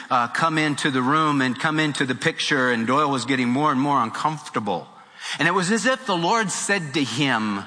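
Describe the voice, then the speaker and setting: A man preaching a sermon as a pastor, telling a story with animated delivery and acting out quoted voices. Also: mid-range voice. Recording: long hall reverb with faint music.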